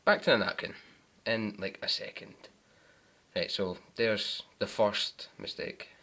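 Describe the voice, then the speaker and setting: Sarcastic man with a bright voice. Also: on the low side, measured pace, creaky. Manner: wry, sarcastic asides. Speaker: movie mistake reviewer. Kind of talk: casual commentary over film clips.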